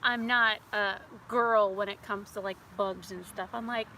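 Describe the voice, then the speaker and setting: A woman vlogger, chatting outdoors and telling an animated story. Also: medium pitch, a little slow, a little hiss or hum. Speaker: beauty vlogger. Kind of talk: casual storytelling vlog. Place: outdoors near a house.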